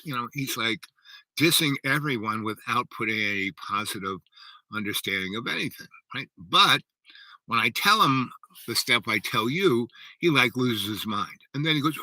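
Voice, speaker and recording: A man's voice: medium pitch, lively intonation, moderate pace, sharp tone, no echo, rough recording. An older man hosting a live show, chatting in a rambling, digressive way and reading viewer comments. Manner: rambling and digressive, with lots of fillers and "right?". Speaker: host of a livestream show.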